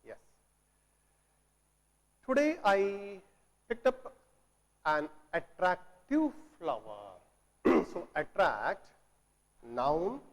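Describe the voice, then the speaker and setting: Male teacher, very slow and deliberate, in a reverberant room. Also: fairly high pitch, slight background noise. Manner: slow, repeats words, asks questions and answers them himself, clears throat. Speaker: English teacher. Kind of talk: classroom grammar lesson. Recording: long reverb, as in a hall.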